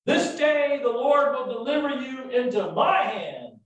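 A man's voice: very high-pitched, very animated, a little slow, a bit bright, pitched above the performer's own voice, heavily acted. A man voicing a defiant young shepherd hero who proclaims in raised, emphatic declarations. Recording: echoey room, mic far off.

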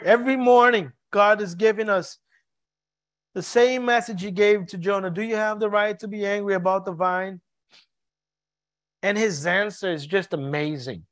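A man preaching a sermon to his congregation, earnest and halting, often repeating words as he searches for them. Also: high voice, a bit bright, no echo. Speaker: pastor.

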